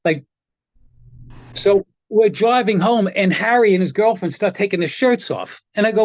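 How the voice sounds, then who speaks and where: A man telling animated stories in a casual interview, acting out the quotes as he goes. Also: high voice, normal speed, no echo. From New York area. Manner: animated anecdote teller, acts out quotes. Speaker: guest, guitar tech.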